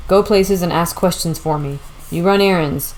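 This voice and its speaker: A woman reading the lines of a sly, smooth-talking old male con man in an audiobook, confident and persuasive. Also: lowish voice, normal speed, a little mellow, slight background noise, close to an everyday voice, poor audio.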